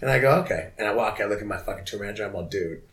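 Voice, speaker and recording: A man's voice: on the low side, racing. Profane middle-aged man telling a story. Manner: profane, animated, repeats and restarts words. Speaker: guest musician. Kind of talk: casual storytelling.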